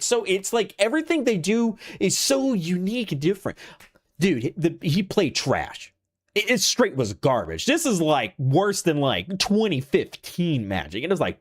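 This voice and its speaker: A young man rants casually with an animated, swooping delivery that climbs and dips as he tells a story, pitched a bit above most men's. He talks in fits and restarts and swears freely. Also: moderate pace. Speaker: streamer. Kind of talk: casual rant.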